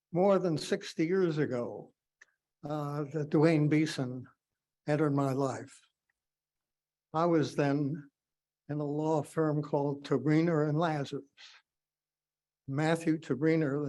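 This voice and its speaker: Older man, retired judge, formal memorial speech, very slow and measured, mellow voice. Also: fairly high pitch, poor audio. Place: memorial gathering.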